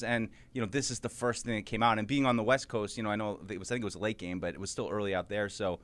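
A man's voice: on the low side, fast, few pauses, fairly bright tone, no echo. A man co-hosting a sports podcast in casual talk, rambling with frequent restarts and fillers. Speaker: podcast co-host.

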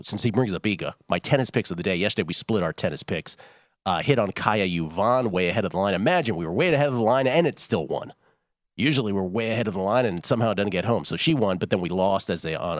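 A male sports betting host talks in a casual, jokey ramble and often doubles back on himself. His voice sits low. The studio sound is dry and close. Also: no room sound. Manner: rambling, jokey, self-interrupting.

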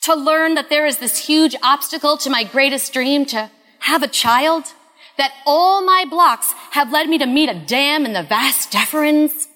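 A woman in her thirties telling a personal story in an earnest, confessional way, often dropping to a hush. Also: sits high, a little slow, big-room sound. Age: 30s.

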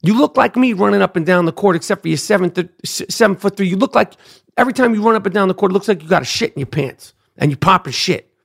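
A middle-aged man rants on his own podcast, brash and profane. His voice sits high for a man and has a gravelly rasp. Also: lively intonation, fast. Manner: loud, brash, trash-talking, repeats "Duke". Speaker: podcast host. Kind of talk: profane ranting monologue.

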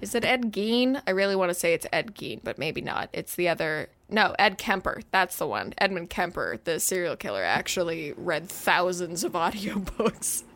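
A woman co-hosting a casual podcast chat, her voice swinging up and down with a lot of life. She tells the story with quick asides and laughs often along the way. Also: fairly low pitch, big pitch swings, a bit bright. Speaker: podcast co-host.

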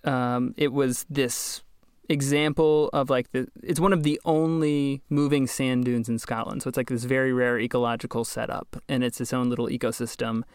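A man's voice: mid-range voice, steady tone, normal speed, clear, resonant tone, no echo. Chatty wry man, dry close mic. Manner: chatty, wry, laughs often. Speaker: podcast host. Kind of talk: casual storytelling chat.

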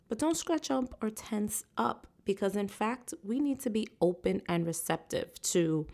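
Woman podcaster with vocal fry. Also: medium pitch. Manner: uplifting, preacher-like encouragement. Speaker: podcast host. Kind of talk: solo podcast monologue.

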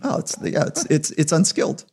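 A man's voice: a little high, very animated, moderate pace, creaky, a little mellow, breathy edge. A man being interviewed as a performance psychologist, talking in a reflective, emphatic way. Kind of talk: podcast interview.

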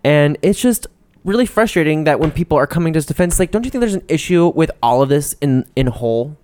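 A man's voice: a little high, animated, fast talker, a little mellow, dry recording. A man chatting casually as a podcast co-host, rambling and heated, swearing when worked up. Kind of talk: casual chat about celebrity gossip.

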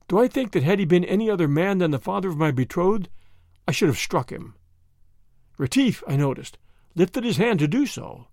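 A man narrating a story in an expressive audiobook style. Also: fairly high pitch, no echo, studio quality.

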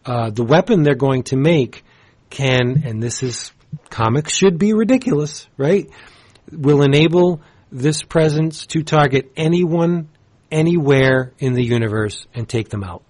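A man's voice: fairly high pitch, a little slow, darkish tone. A man co-hosting a casual podcast, reviewing comics with gushing enthusiasm and rambling asides. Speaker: podcast co-host.

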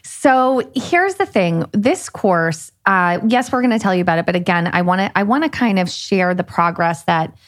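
A woman co-hosts a casual podcast and talks in a playful, teasing, candid way. Her voice sits a little low for a woman. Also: animated, moderate pace, hardly any pauses. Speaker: podcast co-host.

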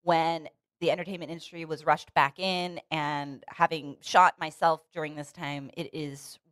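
Earnest low-voiced woman co-host. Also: fairly even intonation, normal speed, a bit bright, no echo. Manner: earnest and opinionated, with frequent restarts. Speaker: podcast co-host. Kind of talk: casual chat. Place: Los Angeles.

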